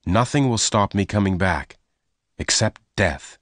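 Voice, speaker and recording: A man voicing a strong, protective young cowboy in a read-aloud story, calm and plain-spoken. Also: lowish voice, measured pace, no echo. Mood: earnest. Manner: calm, plain-spoken, close to the reader's own voice.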